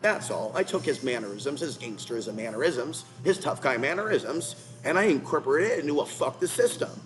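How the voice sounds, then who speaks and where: A man's voice: medium pitch, expressive, a little fast, faint music behind, low-quality recording. A man hosting his own channel, ranting in an agitated, repetitive, confrontational way, apparently while in a car. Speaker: channel host. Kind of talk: rambling commentary rant.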